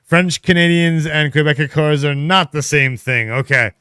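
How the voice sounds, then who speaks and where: Guy in his 30s hosting a chill gaming podcast, bright crisp voice, rambly stories. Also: fairly high pitch, steady tone, moderate pace, no room sound, clean studio sound. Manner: reads chat aloud, rambling storytelling. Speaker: podcast host. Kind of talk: casual live-stream chat.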